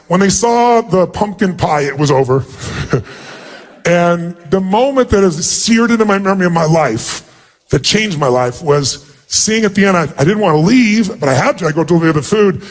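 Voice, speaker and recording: Motivational speaker guy, kinda high voice, heartfelt emphatic storytelling. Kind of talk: personal storytelling talk.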